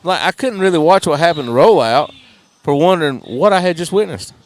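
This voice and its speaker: A man co-commentating a live car race, chatty and quick to exclaim at surprises. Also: fairly high pitch, expressive, a little mellow.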